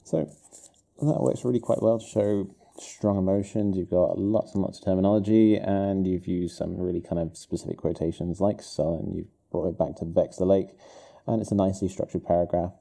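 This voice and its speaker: A man's voice: low voice, steady tone, normal speed, creaky, warm tone. A man, an English teacher, giving encouraging feedback and explaining poetic meter while annotating a student's essay, thinking aloud as he writes.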